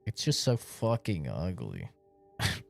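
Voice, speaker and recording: A male streamer whose low, gravelly voice swings wildly in pitch as he jokes and swears through his gameplay. Game music plays clearly behind him. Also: measured pace. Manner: profane, excitable, jokey. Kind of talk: casual gameplay commentary.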